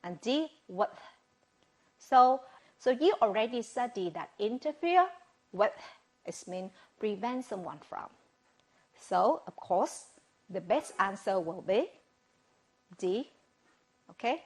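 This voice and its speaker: A woman's voice: medium pitch, big pitch swings, a little mellow. A woman with a Vietnamese accent teaching English vocabulary on television, asking questions and answering them herself with "very good". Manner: slow, drawn-out, asks questions and praises with "very good". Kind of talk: televised classroom lesson.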